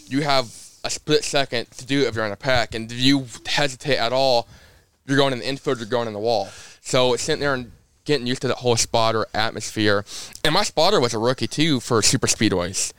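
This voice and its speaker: Young man telling racing stories, smooth voice. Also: mid-range voice. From Indiana. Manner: lively storyteller who acts out quotes. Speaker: race car driver, podcast guest. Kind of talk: casual podcast storytelling.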